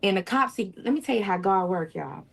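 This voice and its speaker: As an interview guest, a woman tells an emotional first-person story in a mid-range, creaky voice, speaking briskly and animatedly. She often quotes other people, letting her voice swing up and down.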